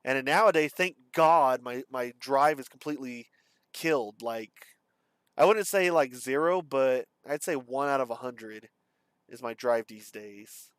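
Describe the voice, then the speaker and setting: A young man talking in a personal confessional monologue, halting and profane, full of fillers and restarts. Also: mid-range voice, fairly bright tone, clear, resonant tone, no echo. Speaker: vlogger.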